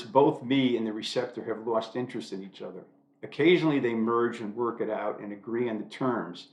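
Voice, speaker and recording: This vlogger, an older man from the US, talks to the camera from a room at home in a dry, self-mocking, wry monologue. His mid-range voice has a slightly mellow quality, and the room sounds echoey.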